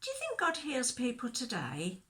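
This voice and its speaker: A woman leading a children's church talk, telling a Bible story in a gentle, expressive way and asking questions, recorded for video. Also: high-pitched, normal speed.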